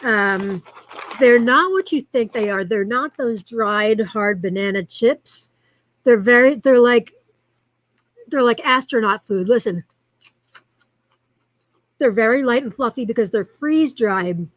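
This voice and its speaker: A woman hosts a live stream, chatting in a loose, rambling way and reading viewer comments aloud as she goes. Her voice sits a touch higher than most. The sound is dry, with no room echo. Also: slow, long pauses. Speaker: host of a live-streamed chat show. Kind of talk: casual live-stream chat.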